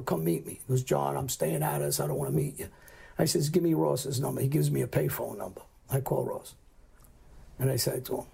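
A man's voice: mid-range voice, gravelly, warm tone, slightly rough. A middle-aged man telling a story in a blunt, profane way and acting out the lines he quotes. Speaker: guest telling a crime story. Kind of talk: casual storytelling.

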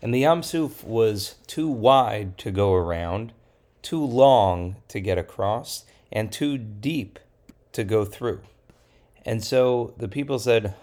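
A man, a rabbi, retelling a Bible story for children in a lively, playful way. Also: lowish voice, slow. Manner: lively storyteller, plays characters in quotes.

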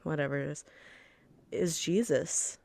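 A woman's voice: low-pitched, measured pace, creaky, darkish tone, no echo. A woman co-hosting a podcast, chatting casually and improvising playfully while giggling and rambling. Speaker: podcast co-host. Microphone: close studio mic.

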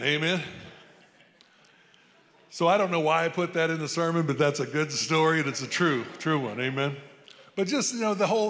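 A man's voice: on the high side, fairly bright tone. A man preaching a sermon in a church, rambling through folksy stories and asides, often checking in with "amen?". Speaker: pastor. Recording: long hall reverb.

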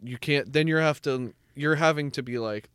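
Young male co-host, middle pitch, dry close sound, loose rambling delivery full of "like". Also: normal speed, fairly bright tone, clear, resonant tone, dry recording. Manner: rambling, filler-heavy storytelling. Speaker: podcast co-host. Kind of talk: casual chat between brothers.

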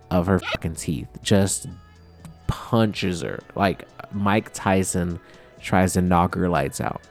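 A man's voice: deep voice, gravelly, a little mellow. A drunk man telling a rambling, profane story to his camera, mocking himself as he goes. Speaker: vlogger.

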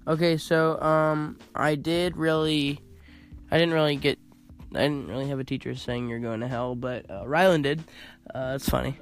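Casual male host, slightly high voice, rambling giggly storyteller. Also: steady tone, moderate pace, soft background music. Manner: rambling, giggly, lots of fillers.

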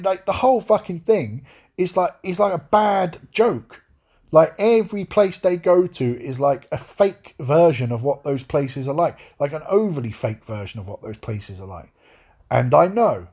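Husky man ranting in frustration. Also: fairly high pitch, darkish tone. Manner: exasperated, swears often, restarts sentences. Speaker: podcast host reviewing a film. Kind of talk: casual ranting review.

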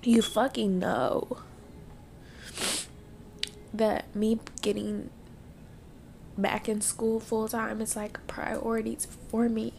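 Tearful young woman venting, gravelly fry. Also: fairly high pitch, little pitch movement, slow, pauses often, darkish tone, a little hiss or hum. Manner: blunt and venting, swears freely. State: tearful, sniffling. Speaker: podcast host. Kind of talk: casual personal monologue.

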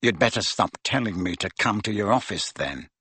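A man's voice: fairly low pitch, lively intonation, normal speed, sharp tone, husky, no echo, voice pushed down, exaggerated voice. A man voicing a sulky, defiant teenage boy. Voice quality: sneering, resentful. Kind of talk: audiobook character voice.

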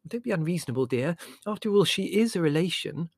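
A man voicing a vague, fussy middle-aged mother who is mild, flustered and gently reproving. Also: fairly high pitch, expressive, quick pace, no echo, pitched above the performer's own voice.

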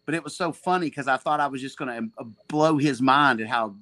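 A man in his forties, a jiu-jitsu black belt and gym owner, appears as a podcast guest. He speaks at a middle pitch with a brisk pace and sharp tone, telling rambling, profane stories full of false starts, restarts, and laughter. His chatty, casual storytelling is captured in a dry, close recording.

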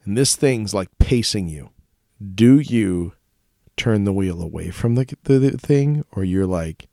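A man's voice: fairly low pitch, expressive, unhurried, creaky, a little mellow, no echo, studio quality. Playful laid-back man. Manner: playful, jokey, laughs often. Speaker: podcast co-host. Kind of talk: casual comedic chat.

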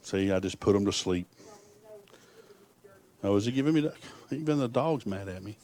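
A man's voice: lowish voice, lively intonation, moderate pace, darkish tone. A middle-aged man preaching a sermon, telling folksy stories that swell into fervent appeals.

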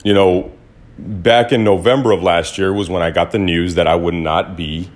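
A man's voice: sits low, normal speed. A man hosting his own podcast, talking in a blunt, casual monologue with some swearing. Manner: blunt, swears, animated when quoting others. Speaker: podcast host. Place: Los Angeles.

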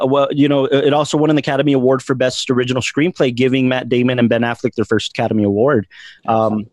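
A man's voice: mid-range voice, a little mellow, dry recording. A man hosting a film podcast, talking casually with many fillers and restarts. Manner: rambling, lots of fillers and restarts. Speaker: podcast host.

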